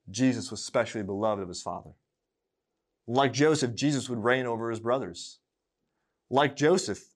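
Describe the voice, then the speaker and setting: In a mid-range voice, a man preaches a sermon, building with rising emphasis on repeated phrases and then dropping into quiet tenderness.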